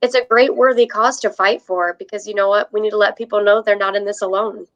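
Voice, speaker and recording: A woman's voice: mid-range voice, steady tone, fast talker, low-quality recording. A young woman speaking as a guest in a casual interview, earnest and emotional, with small laughs.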